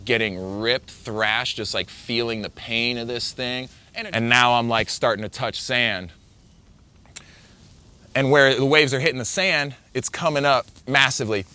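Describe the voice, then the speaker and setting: A man telling the story of a surfing wipeout in a casual, halting way, full of fillers and quoted thoughts. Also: medium pitch, bright, forceful tone, clean tone. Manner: vivid, halting retelling with many fillers and self-quotes. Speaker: surfer recounting a wipeout.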